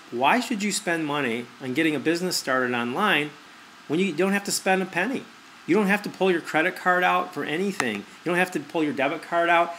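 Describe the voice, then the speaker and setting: A man's voice: a little high, fairly bright tone, a little hiss or hum. A man giving a persuasive screen-recorded review, repeating his points and asking rhetorical questions. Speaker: online marketer.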